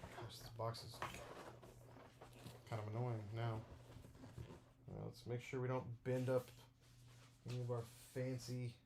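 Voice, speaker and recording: Brief: young male vlogger, mid-pitched, casual excitable unboxing chatter, light background hiss. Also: measured pace, vocal fry, long pauses. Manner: rambling and excitable, full of fillers like "like".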